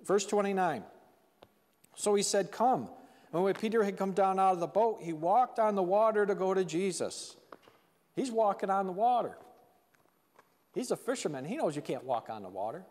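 A man's voice: high-pitched, lively intonation, moderate pace, a little mellow, big-room sound. A man preaching a sermon in a church, talking plainly and acting out quotes of the people in the story. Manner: conversational, plain-spoken preaching with acted-out quotes. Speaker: pastor. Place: church sanctuary.

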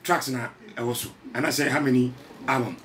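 A male TV host with a Ghanaian accent, interviewing a guest in an excited, exclamatory way. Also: mid-range voice, fairly quick. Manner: exclamatory, shouts and laughs often. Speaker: TV show host. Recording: distant mic, loud music behind.

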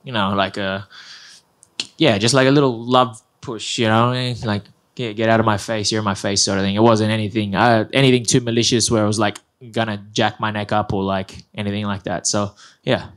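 A man's voice: fairly low pitch, steady tone, normal speed, fairly bright tone. A man answering press questions after a fight, upbeat and loose, with many fillers and restarts. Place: press conference room.

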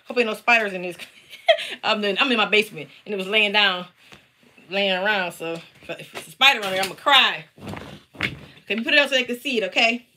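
A woman's voice: medium pitch, fast talker, sharp tone, a little hiss or hum. A woman chatting casually on a live stream from her basement, talking straight to her viewers as she shows off her embroidered patches. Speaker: craft seller and teacher. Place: home basement.

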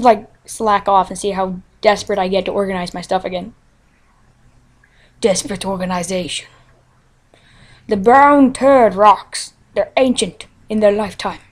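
A woman hosting a game let's play, chatting casually to herself in a goofy, playful way with frequent giggles. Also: mid-range voice. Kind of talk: casual gameplay commentary.

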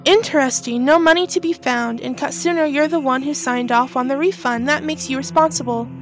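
A woman's voice: high voice, fairly quick, faint music behind, natural voice. A woman voicing a stern male store manager in a horror game, speaking formally and with authority.

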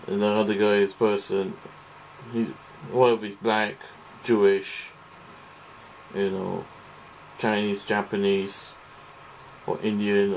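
A man's voice: medium pitch, slight background noise, rough recording. A man delivering a rambling, profane, aggrieved rant to camera as a vlogger. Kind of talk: ranting monologue to camera.

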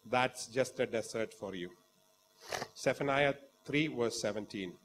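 A man with an Indian English accent preaching a sermon, fervent and dramatic, swinging from quiet talk to loud exclamations. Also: mid-range voice, unhurried. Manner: acts out quoted voices in the story.

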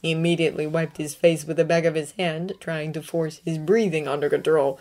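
A woman with a fairly low voice reads a story aloud. Her narration is emotive, rising and falling in pitch as the feeling of the text shifts. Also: steady tone, a little fast, few pauses, a little mellow. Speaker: reader. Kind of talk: emotive reading of a fanfiction story.

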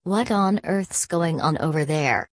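A woman voicing a brisk, proper elderly housekeeper in an audiobook reading. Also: sits low, no echo, clean studio sound. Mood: startled.

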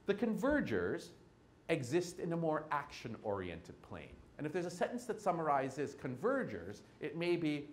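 A male keynote speaker with a somewhat high voice that swoops widely as he talks. He acts out little dialogues between people to make his points. There's a faint hum of noise behind him. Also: normal speed. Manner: animated, acts out little scenes with quoted voices. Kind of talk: lively keynote lecture. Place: lecture hall with audience.

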